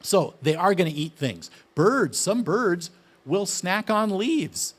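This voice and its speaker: A man's voice: high voice, very animated, slow pace. A man giving a casual, enthusiastic gardening talk, often asking his listeners questions. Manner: chatty, enthusiastic, asks the audience questions. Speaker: gardening speaker.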